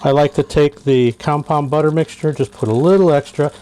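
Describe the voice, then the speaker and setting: A man's voice: on the high side, steady tone, fairly quick, warm tone, clean tone, low-quality recording. A man walking through a fish recipe in a casual cooking demonstration, talking through each step. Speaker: fishing captain cooking fish.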